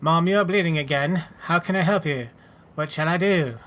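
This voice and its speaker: A man's voice: a little high, normal speed, a bit bright, lightly acted. A man voicing a worried twenty-year-old frontier son with a Canadian accent, eager and a little raised.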